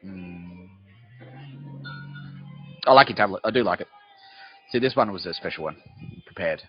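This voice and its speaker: A man's voice: deep voice, animated, normal speed, slightly rough. A man hosting a podcast, delivering a profane, rambling comedic monologue in a mock-conspiratorial way. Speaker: podcast host. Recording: dull lo-fi with faint music.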